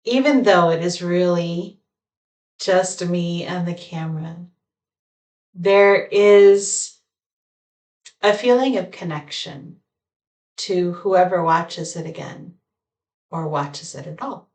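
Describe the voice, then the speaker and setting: A woman talking alone to her camera at home, meandering through her thoughts with many pauses and fillers. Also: lowish voice, darkish tone. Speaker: vlogger. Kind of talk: reflective solo talk to camera. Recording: echoey room, voice far from mic.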